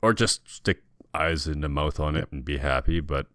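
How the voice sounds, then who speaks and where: A man's voice: extremely low pitch, moderate pace, fairly bright tone, no room sound, clean studio sound. A man co-hosting a casual podcast, explaining game rules with a joking, self-deprecating manner.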